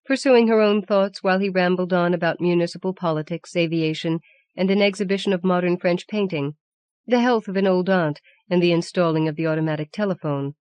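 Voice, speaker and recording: A woman reading a literary story aloud as an audiobook narrator, measured and even. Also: on the low side, smooth, no room sound, lo-fi sound. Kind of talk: scripted narration.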